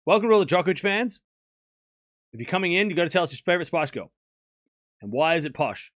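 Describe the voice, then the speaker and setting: Lively, joking male streamer. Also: on the high side, fast talker, dry recording, studio quality. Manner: chatty, joking, laughs often, argues playfully with chat. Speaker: streamer hosting a tennis watchalong. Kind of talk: casual live play-by-play and chat banter.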